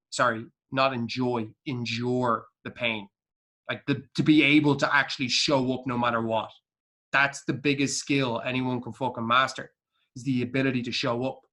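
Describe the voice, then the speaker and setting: An Irish man co-hosts a casual podcast chat in a pushed, bright mid-range voice. He talks bluntly and intensely, swearing heavily, with a motivational edge.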